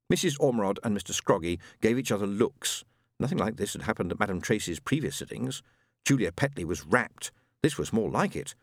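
A man's voice: fairly low pitch, big pitch swings, fairly quick, no room sound. A man reading an audiobook with a dry, wry delivery. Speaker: narrator. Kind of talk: audiobook narration.

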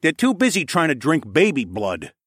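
A man plays a gruff, paranoid man in a trench coat, grumbling and swearing in a storybook reading. His voice sits a bit above the narrator's own and is delivered close and dry. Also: a little high, wildly swooping pitch, moderate pace, a bit bright, no echo, voice pushed up, full character voice.

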